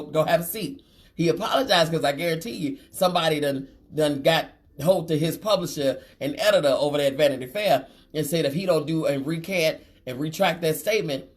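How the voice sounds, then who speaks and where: A woman, hosting a live chat show and reading out viewer comments with sass and frequent laughter. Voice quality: deep voice. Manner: sassy and animated, laughing often. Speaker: talk show host.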